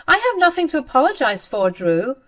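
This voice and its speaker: A woman's voice: sits high, sing-song, brisk, a bit bright, pitched above the performer's own voice. A woman voicing a spiteful, smug young sister-in-law in a dramatized story. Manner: smug, dismissive.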